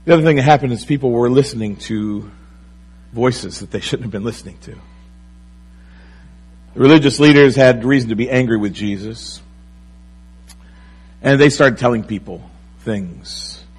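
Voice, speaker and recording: A man preaching a sermon, with animated, rising and falling emphasis. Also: medium pitch, moderate pace, pauses often, husky, rough recording. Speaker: pastor.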